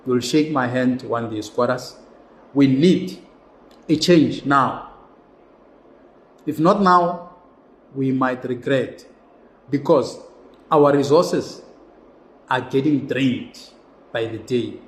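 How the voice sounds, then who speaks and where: A man's voice: medium pitch, slow pace, long pauses, reverberant. A South African man hosting a podcast, delivering an impassioned, repetitive political rant. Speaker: podcast host. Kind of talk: casual political commentary monologue.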